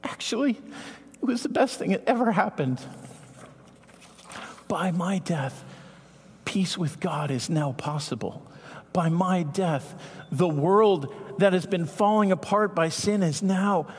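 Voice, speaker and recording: A man voicing a gentle, patient risen teacher in a sermon, softer, lower and slower than his preaching voice. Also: slightly rough, full character voice. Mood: tender. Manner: soft, slow and hushed. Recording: long hall reverb.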